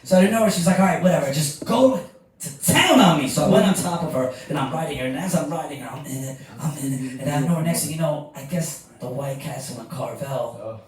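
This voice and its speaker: A man's voice: medium pitch, fast, a little mellow. A stand-up comedian tells a crude story to a live crowd, acting out every voice himself. He sounds distant from the mic, and the club room rings with heavy echo. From New York. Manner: crude storytelling, acting out both sides of dialogue. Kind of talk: stand-up set.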